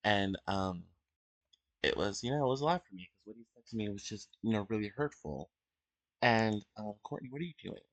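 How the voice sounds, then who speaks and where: A teenage young man giving an unscripted personal confession at home, emotional and halting, with many fillers and restarts. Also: on the low side, no room sound. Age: teens. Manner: emotional, soft-spoken. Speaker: vlogger.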